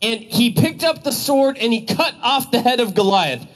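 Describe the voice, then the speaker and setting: A man's voice: very high-pitched, animated, moderate pace, rough recording. A young man preaching as an evangelist, telling a vision and a Bible story with fervent energy and casual fillers. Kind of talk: preaching a sermon.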